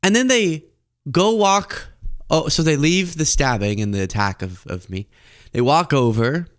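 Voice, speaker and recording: A man's voice: on the high side, unhurried. A young man hosting comedic political commentary, talking animatedly and acting out little scenes. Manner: animated, acts out scenes with voices. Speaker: host.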